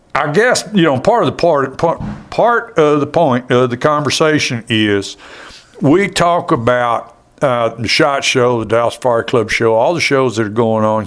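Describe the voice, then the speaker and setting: A man's voice: mid-range voice, a bit bright. A man hosting a casual podcast conversation, folksy and laughing easily as he rambles through asides. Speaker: podcast host.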